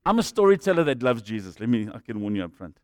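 A man's voice: mid-range voice, very animated, quick pace, darkish tone, no echo. A man with a South African accent preaching a sermon as a jokey storyteller who acts out the people in his stories.

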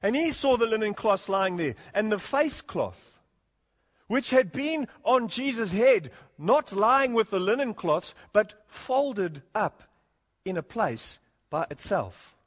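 A man's voice: high-pitched, big pitch swings, slow pace. A man preaching an earnest expository sermon, often rising to emphatic points and chuckling between them. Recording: long hall reverb.

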